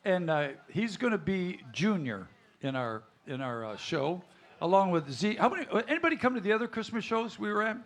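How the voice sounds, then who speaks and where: A man's voice: high-pitched, very animated, fairly quick. A man hosting a live country music show, rambling through stage banter and a joke with many uhs. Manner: rambling, many uhs, chuckles at own jokes. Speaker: stage show host and emcee. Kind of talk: joking stage banter with audience.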